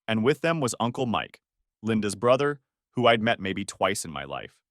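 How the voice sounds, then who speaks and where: Thirtysomething guy telling his story, blunt, lively pitch, dry close sound. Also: moderate pace, dry recording. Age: 30s. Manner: blunt, plain-spoken. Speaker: narrator. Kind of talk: first-person story narration.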